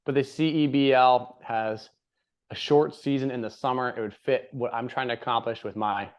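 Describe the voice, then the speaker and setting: A man's voice: medium pitch, fairly even intonation, normal speed, smooth. A young man hosting a podcast in casual chat, rambling and upbeat, laughing often. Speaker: podcast host. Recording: slightly dull lo-fi audio.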